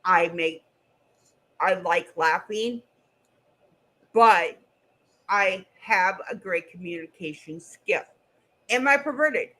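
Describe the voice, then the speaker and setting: A woman's voice: lowish voice, slow pace, pauses often, pushed and bright, poor audio. A middle-aged woman hosting a casual livestream chat, blunt and goofy, swearing freely. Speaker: streamer and co-host.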